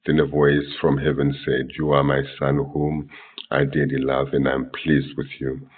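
A Bible teacher with a very deep, husky voice reads verse after verse in various translations. His speech is flat and hesitant, full of fillers, self-corrections and throat-clearing, and the audio sounds thin and tinny, as if captured from a distance over a phone line.

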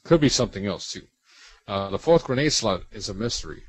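A man's voice: on the low side, lively intonation, a little fast, husky, dry recording. A man co-hosting a casual gaming podcast, reading listener submissions in a loose, chatty way. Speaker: podcast co-host. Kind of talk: casual chat.

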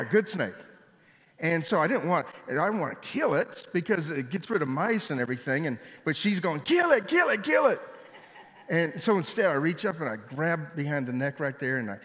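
A man preaching a sermon, telling stories with lively delivery and raising his voice when he quotes people. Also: on the high side. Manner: animated storytelling, voice jumping up for quoted shouts. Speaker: pastor. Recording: long hall reverb.

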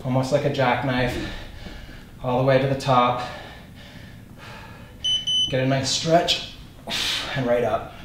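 Man, fitness coach, counts reps, short commands, unhurried delivery, faint background rumble. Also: flat delivery, reverberant. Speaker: fitness instructor. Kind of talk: coaching a home workout.

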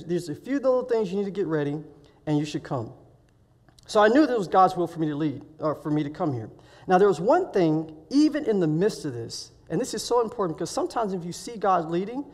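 A man speaking at a week of prayer, telling a personal story in a sermon and acting out the dialogue with lively swings of voice. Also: sits high. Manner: animated, acts out dialogue in his story. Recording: reverberant hall.

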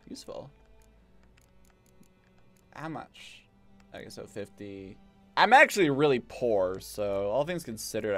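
Playful, animated male game streamer. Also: fairly low pitch, gravelly. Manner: playful, jokey, talks to characters. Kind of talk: casual gameplay commentary. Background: game music.

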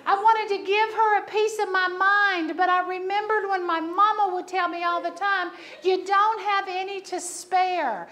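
A woman's voice: very high voice, fairly even intonation, normal speed, hardly any pauses, pushed and bright. A woman pastor preaching a sermon, telling a personal story with humor and emphatic repetition.

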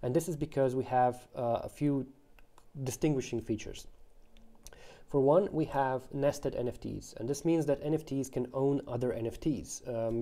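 A man's voice: mid-range voice, warm tone. A man explaining the blockchain protocol he created, walking through it with analogies and frequent fillers and restarts. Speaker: protocol founder explaining his project. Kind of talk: explanatory talk to camera.

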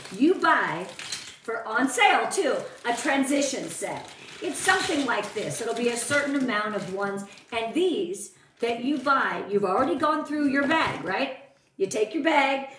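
Her fairly high, slightly bright voice sounds far from the mic, with slight background noise and room echo. Leading her sales consultants in a relaxed live-stream training, she's bubbly and chatty, welcoming viewers by name as she presents products.

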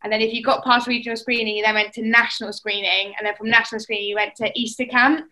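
A young English woman chats easily through her sporting memories. Her voice is bright and a touch high, and she slips into other people's voices when she quotes them. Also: little pitch movement, fast talker, low-quality recording. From England. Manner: chatty storytelling, acts out quotes. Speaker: netball player. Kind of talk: casual chat.

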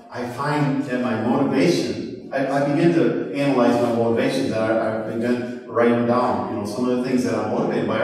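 A man preaching a sermon in a conversational, halting way, repeating words and asking the crowd questions. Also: mid-range voice, a little mellow. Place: church hall. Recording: roomy hall from far off.

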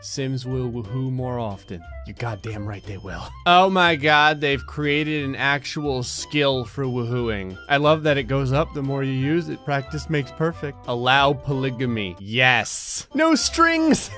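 A man's voice: mid-range voice, a little slow, hardly any pauses, a bit bright, soft background music. A young man giving sarcastic, darkly joking commentary on a life-sim game, laughing often. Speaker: gaming commentator.

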